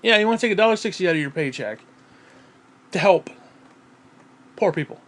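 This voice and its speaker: A man ranting casually at home, profane and rambling, often clearing his throat and short of breath. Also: high voice, lively intonation, fairly quick, fairly bright tone. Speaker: vlogger.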